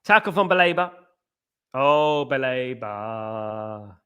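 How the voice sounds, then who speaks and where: A man's voice: mid-range voice, unhurried, bright, forceful tone, clean tone. A man hosting a live football watchalong stream. He chats casually with viewers and keeps singing playful chant parodies.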